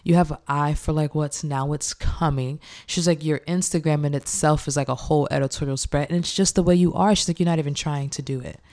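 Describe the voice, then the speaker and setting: A young woman chef, animated and laughing often as she acts out quoted speech in a casual interview. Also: sits low, a little fast, few pauses. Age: young adult.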